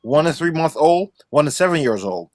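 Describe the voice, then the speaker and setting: A man co-hosting a livestream podcast, talking with passion and effusive excitement, often restarting his words. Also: on the high side, moderate pace, dry recording, clean studio sound. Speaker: podcast co-host. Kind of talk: excited casual livestream chat.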